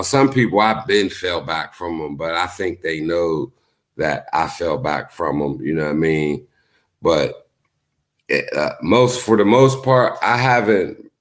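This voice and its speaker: A man talking casually to his livestream viewers, telling stories in a loose, profane way and acting out what other people said. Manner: animated storytelling, acts out quotes in high voices; profane, laid-back. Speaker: YouTube streamer. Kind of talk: casual live-stream commentary.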